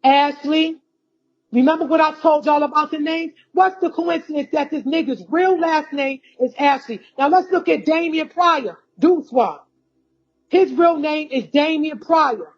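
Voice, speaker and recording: A woman's voice: high voice, unhurried. A woman from the United States giving a heated, accusatory monologue to her followers, repeating herself and calling out to them directly. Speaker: vlogger addressing followers. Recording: dull lo-fi recording.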